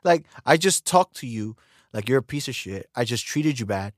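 A man's voice: medium pitch, normal speed, no echo, studio quality. A man hosting a podcast, delivering an opinionated casual monologue, often asking "right?" and acting out quoted exchanges. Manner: animated, repeats "right?" and acts out quoted lines. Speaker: podcast host.

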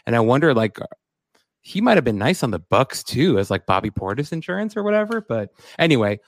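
Excitable rambling young-sounding man, dry mic. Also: mid-range voice, fairly quick, no echo. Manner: excitable, rambling, frequent "like" and "bro". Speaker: podcast co-host. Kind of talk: casual sports podcast chat.

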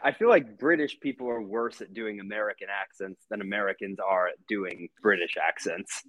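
A man co-hosting a casual podcast, rambling along easily with plenty of fillers. His voice is lowish and recorded dry and close. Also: brisk, a bit bright, dry recording, rough recording. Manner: easygoing, rambling, with filler words. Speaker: podcast co-host.

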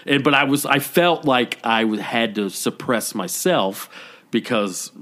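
A man co-hosting a relaxed podcast, talking into a microphone. His voice sits at a medium pitch but swings widely as he acts out quoted lines, jumping high whenever he gets worked up. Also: measured pace. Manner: animated storytelling, acting out quoted lines with big pitch jumps. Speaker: podcast co-host. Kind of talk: casual chat.

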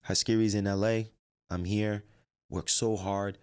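A man telling a personal story in lively, dialogue-filled storytelling, acting out what he and others said. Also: lowish voice, unhurried, clean tone. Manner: animated, quotes himself and others in dialogue. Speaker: life coach and trainer.

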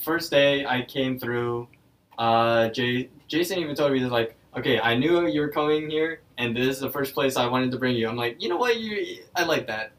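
A man's voice: medium pitch, steady tone, normal speed, distant mic, low-quality recording. A young man co-hosting a podcast, casually retelling a cartoon episode and often restarting his sentences. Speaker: podcast co-host. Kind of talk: casual episode recap chat.

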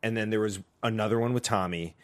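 A man's voice: lowish voice, fast talker. Wry man in casual podcast banter. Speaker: podcast co-host. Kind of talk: casual chat.

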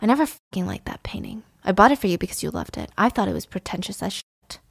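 A woman acting out a drunk, jealous husband in a storytelling recap, loud and mocking one moment and menacing the next. Her voice is dry and close, with no room around it. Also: mid-range voice, expressive, fast, gravelly, breathy edge, no echo, exaggerated voice. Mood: bitter. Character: drunk, unhinged, jealous husband, male adult.

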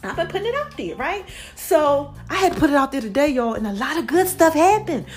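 Woman, high voice, out of breath, chatty, talks right to viewers, faint music behind. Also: fairly quick. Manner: chatty and animated, addresses viewers directly. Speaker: vlogger. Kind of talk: casual talk to camera.

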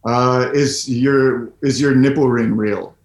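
A man's voice: mid-range voice, fairly even intonation, takes it slowly, background noise. Chatty man in a roomy video call. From Southern California. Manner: easygoing, talkative, lots of "like" and "you know". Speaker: guest. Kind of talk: casual chat over a video call.

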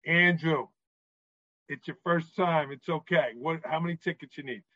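A man voicing a friendly woman ticket clerk in a retold story, coaxing and warm. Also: a little high, normal speed, no room sound, lo-fi sound.

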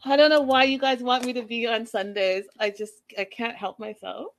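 A young adult woman hosting a live stream, giving an animated, opinionated recap of a reality show with sassy asides. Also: a little high, normal speed, hardly any pauses.

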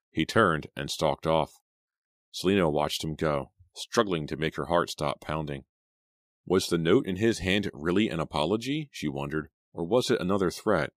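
A man narrating an audiobook in measured scripted narration, close to the mic. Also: extremely low pitch, a bit bright, dry recording.

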